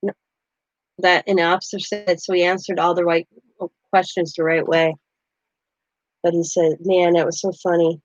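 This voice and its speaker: A woman's voice: fairly low pitch, flat delivery, normal speed, pauses often, no echo, dull audio. A middle-aged woman hosting a crafting channel, chatting casually and animatedly as she tells a story, laughing as she goes.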